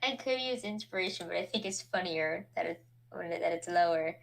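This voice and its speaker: A woman's voice: on the low side, brisk, vocal fry. A woman playing in a tabletop game, chatting casually and laughing often. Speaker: player. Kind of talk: casual chat.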